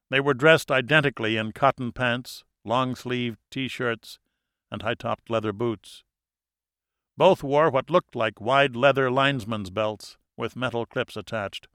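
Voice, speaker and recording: Guy narrating a novel, measured and even, middle pitch, dry close mic. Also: dry recording. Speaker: audiobook narrator. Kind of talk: scripted narration.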